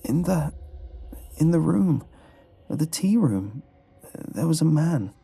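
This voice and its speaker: A man voicing a frightened young female sleep-study patient who speaks in halting, broken phrases. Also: low voice, lively intonation, dark tone, breathy edge, voice pushed up, heavily acted. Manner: halting, breathless, with broken restarts. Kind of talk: storybook horror narration.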